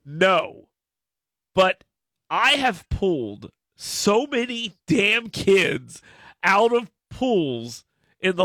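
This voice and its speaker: A talk radio host, a man, rants in an exasperated monologue and stumbles over restarts. His voice sits high and swings widely in pitch. The sound is bright with a gravelly edge and very dry. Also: no room sound. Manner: ranting, exasperated, stammering restarts.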